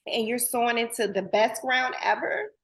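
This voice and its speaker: A fairly high-pitched woman with a bright, forward tone hosts a heartfelt, casual conversation. She sounds earnest and emotional, and talks straight to her listeners in easy, folksy speech. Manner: informal and folksy, full of "girl" and "y'all". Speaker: host.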